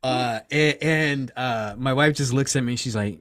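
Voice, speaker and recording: A man, a shop owner telling stories in a casual interview, rambling and animated, swearing often. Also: mid-range voice, normal speed, no room sound, clean studio sound. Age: 40s. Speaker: crystal and reiki shop owner, guest.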